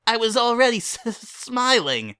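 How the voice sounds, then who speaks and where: A man reading a story aloud and voicing a cheerful, giggly young colt boy in an excited, squealing way. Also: on the high side, a little slow, voice pushed up, heavily acted.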